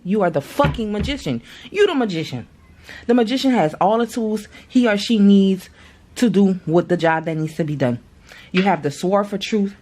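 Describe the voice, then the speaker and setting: A woman's voice: mid-range voice, a little mellow. A woman in her thirties doing a casual tarot reading to camera, chatty and slangy, swearing freely and talking straight to her viewers. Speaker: tarot reader.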